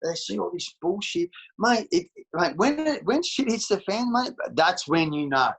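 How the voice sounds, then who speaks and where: A man's voice: sits high, sing-song, unhurried, a bit bright, rough recording. A middle-aged Australian man talking bluntly and profanely in a candid interview, calling everyone mate. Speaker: interview guest.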